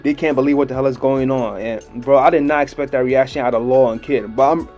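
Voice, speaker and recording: A man's voice: medium pitch, fairly even intonation, brisk, a little mellow, highs cut off, faint music behind. A young man giving a casual video review of a comic chapter, talking in a laid-back, slangy way and laughing often.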